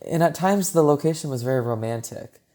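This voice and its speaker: A man with a mellow, relaxed voice talking through a film in a casual podcast chat. He rambles, stacks up "like"s and restarts his sentences as he thinks aloud. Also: a little high, fairly quick. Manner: chatty and rambling, heavy use of "like". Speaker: podcast co-host.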